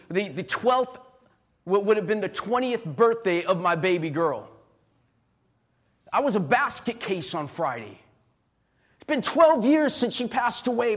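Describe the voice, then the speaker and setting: A middle-aged man preaches from the pulpit, his voice sitting very high for a man. He talks with emotion, leaning on repeated phrases that build and build. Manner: emotional, repetitive preaching with rising emphasis. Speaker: pastor. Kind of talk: sermon.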